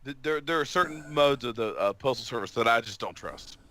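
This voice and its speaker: A man's voice: mid-range voice, expressive, fairly quick, bright, forceful tone, dry recording. A man co-hosting a podcast in casual chat, speaking hesitantly with frequent fillers. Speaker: podcast co-host.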